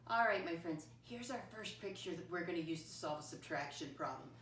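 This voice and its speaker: A woman teaching first graders, patient and teacherly, spelling words out slowly and calling her listeners "my friends". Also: on the low side, expressive, fairly bright tone. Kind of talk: recorded classroom lesson for young children. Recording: roomy, voice from a distance, faint background noise.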